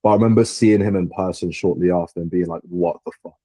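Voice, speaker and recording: Deep mellow man, dry sound. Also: fairly even intonation, fast, dry recording. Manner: laid-back, laughs often, swears casually. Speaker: podcast co-host. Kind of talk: casual chat.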